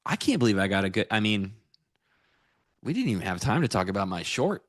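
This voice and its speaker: Guy trader joking around on a stream, low voice but super animated. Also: a little fast, no room sound, clean studio sound. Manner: laughs often, playful and upbeat. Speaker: co-host and futures trader. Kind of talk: casual live-stream banter about trades. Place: studio.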